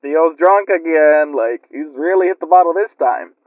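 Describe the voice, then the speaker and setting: A man's voice: on the high side, moderate pace, no echo, close to an everyday voice. Man doing dismissive weary relatives. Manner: dismissive, humoring. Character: dismissive weary family members. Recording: lo-fi muffled recording.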